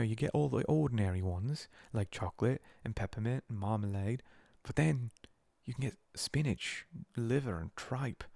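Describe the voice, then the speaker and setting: Man doing a chatty offhand schoolboy wizard, whispered role-play, gravelly, close and dry. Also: on the low side, dark tone, no room sound. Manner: offhand, blunt, quick-talking.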